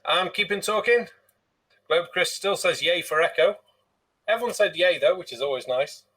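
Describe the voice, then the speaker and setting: A man's voice: high voice, normal speed, sharp tone, distant mic. A man hosting a casual live stream, chatty and jokey, swearing freely, a few pints in. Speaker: streamer host.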